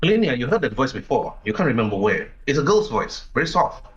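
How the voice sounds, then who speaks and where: A man's voice: medium pitch, very animated, quick pace, fairly bright tone, dull audio. A man narrating as game master of an online tabletop game, linking events with plain "and then" storytelling.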